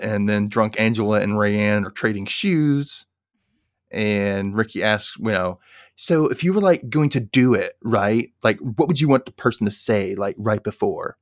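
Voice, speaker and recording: Man retelling a TV episode, low voice. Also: dry recording, studio quality. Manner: animated retelling, acting out quotes. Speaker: podcast host. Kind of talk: casual recap chat.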